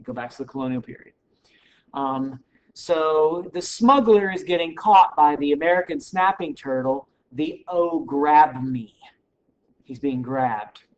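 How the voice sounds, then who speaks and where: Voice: mid-range voice, lively intonation, unhurried. A history lecturer giving a recorded class lecture in a casual, wry, joking way, in a dull lo-fi recording.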